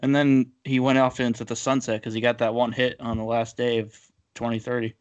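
A man's voice: medium pitch, flat delivery, fairly quick, highs cut off. Joking man co-hosting a podcast. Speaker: podcast co-host. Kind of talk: casual chat.

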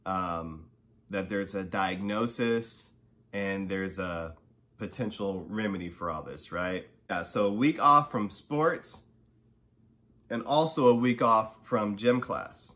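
A man's voice: lowish voice, takes it slowly, bright, forceful tone. A man hosting a podcast, telling a personal story in a casual, conversational way, full of asides, getting heated when angry. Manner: conversational, many "you know" and "right?" asides. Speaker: podcast host.

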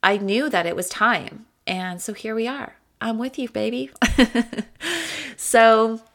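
A woman's voice: a little high, fairly even intonation, slow. A woman hosting her own podcast in a casual, candid and chatty way, swearing freely and laughing often. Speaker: podcast host. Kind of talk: casual solo podcast talk.

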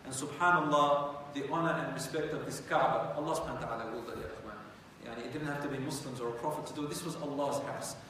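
A man's voice: mid-range voice, quick pace, hardly any pauses, pushed and bright. A man teaching religious history as a conversational storytelling lecture, often asking his listeners rhetorical questions. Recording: echoey hall from far off, faint noise.

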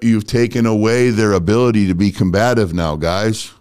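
A man's voice: on the low side, steady tone, moderate pace, darkish tone, clear, resonant tone. A man giving a casual motivational talk to viewers, speaking bluntly and directly with street slang. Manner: blunt, direct, street-casual, addresses audience as bro and guys. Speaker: motivational speaker and auto business owner.

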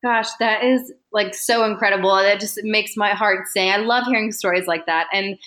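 A woman's voice: medium pitch, fairly even intonation, moderate pace, fairly bright tone. Woman host in casual interview, upbeat and encouraging. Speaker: podcast host.

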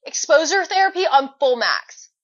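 A young woman co-hosting a podcast, telling a story in an animated, dramatic way. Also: high voice, normal speed. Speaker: podcast co-host. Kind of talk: casual chat. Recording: dull lo-fi recording.

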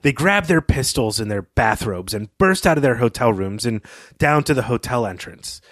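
A man's voice: mid-range voice, animated, moderate pace, a bit bright, no room sound, studio quality. A man co-hosting a book podcast, recapping and discussing a story in a conversational way. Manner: conversational, with fillers and occasional laughs.

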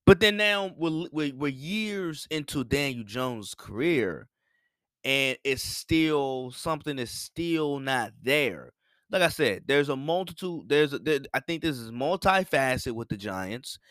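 A man's voice: medium pitch, a bit bright, dry recording, clean studio sound. A young man giving a casual, rambling sports opinion monologue, repeating himself for emphasis. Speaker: sports commentator.

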